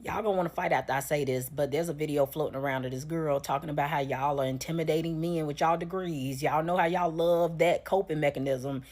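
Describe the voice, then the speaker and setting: A woman delivers blunt reaction commentary in a deep, husky voice. She lectures her viewers head-on and does not soften her points. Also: a little fast, few pauses.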